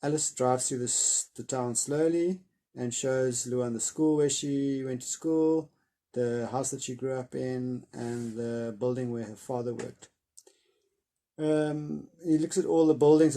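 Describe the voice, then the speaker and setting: Guy reading a kids' novel chapter, gravelly mellow voice, lots of ums when he summarizes. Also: medium pitch. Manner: hesitant summary with many filler pauses. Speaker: reader of a children's novel. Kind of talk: reading a book chapter aloud, then summarizing it informally.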